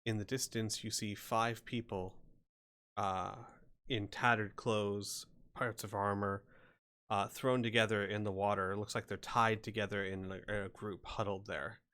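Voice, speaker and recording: A man runs a tabletop game, describing the scene slowly and deliberately. His low voice has a bright, forceful edge. He pauses on ums and uhs as he calls for dice rolls. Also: flat delivery. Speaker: game master.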